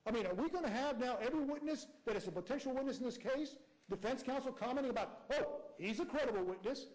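A man's voice: very high-pitched, fast talker, a little mellow, poor audio. A man arguing as prosecutor before a judge, reading out quotes and pressing rhetorical questions. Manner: reads quotes aloud. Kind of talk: courtroom argument.

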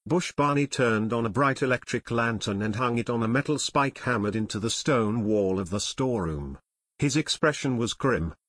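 A man narrating an adventure audiobook in a steady, measured way. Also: mid-range voice. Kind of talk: scripted narration.

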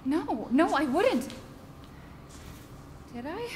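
Horror game: a frightened young woman, high, breathless, panicked. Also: sing-song, very slow, darkish tone, a little hiss or hum, full character voice.

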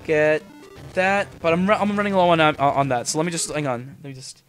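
A young man giving excitable, swearing let's play commentary as he plays. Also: fairly high pitch, fairly quick. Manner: excitable, cursing, talking to himself. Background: game music.

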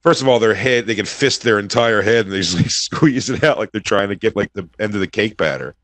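A man's voice: fairly low pitch, a little fast, fairly bright tone, dry recording. A man co-hosting a podcast, laid back and crude, laughing into his own stories in casual banter. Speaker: podcast co-host.

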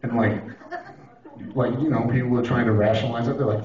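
A man doing a profane, animated stand-up routine on a club stage, now and then breaking into shouted impressions. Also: mid-range voice, fairly quick, noisy background. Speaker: stand-up comedian. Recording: roomy, distant, dull lo-fi club recording. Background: audience laughing.

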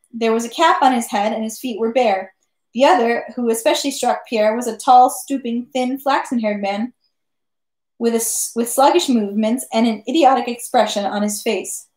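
A woman reading a classic novel aloud at home, steady with occasional slips and self-corrections. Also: a little high, reverberant. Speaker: reader.

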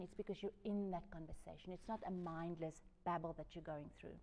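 A woman's voice: mid-range voice, a little mellow. A woman giving a discipleship Bible lesson in an earnest, personal, conversational way, acting out quoted lines as she goes. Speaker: Bible teacher. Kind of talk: discipleship teaching.

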